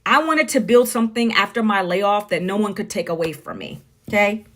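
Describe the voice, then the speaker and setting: A woman's voice: medium pitch, animated, a little fast, fairly bright tone. A middle-aged woman from the United States, talking bluntly and preachily to viewers on a phone live stream. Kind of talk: casual live-stream monologue.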